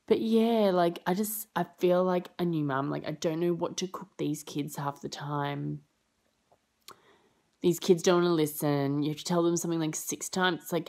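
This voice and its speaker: Young female vlogger, lower register, casual rambling delivery, fond of acting out dialogue. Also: steady tone, normal speed, a little mellow. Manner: rambling and chatty, full of fillers; acts out quoted lines with high jumps in pitch. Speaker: au pair vlogger. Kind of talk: casual chatty vlog.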